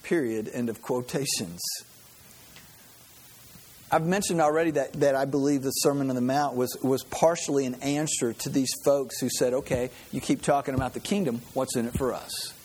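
A man's voice: mid-range voice, fairly even intonation, brisk, hardly any pauses, darkish tone, slightly rough. A man preaching a sermon in a conversational way, often asking the listeners questions. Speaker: pastor.

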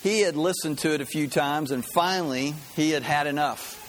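A male preacher delivers a story-led sermon in a fairly high voice, chatty and conversational. He keeps checking in with his listeners as he goes. A faint hiss sits under his voice. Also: normal speed, rough recording. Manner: conversational, asks "right?" often.

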